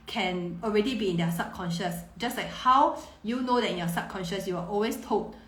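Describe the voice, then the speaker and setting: A woman in her thirties, a parenting coach answering viewer questions on a live stream, warm and reassuring, often repeating words as she thinks. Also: medium pitch, brisk. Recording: roomy echo.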